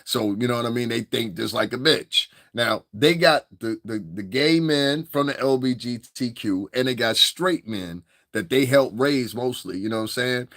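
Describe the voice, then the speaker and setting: A man's voice: mid-range voice, moderate pace, few pauses, fairly bright tone, no echo, clean studio sound. A man giving crude, rambling, unscripted commentary, laughing often between points. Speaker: commentary streamer.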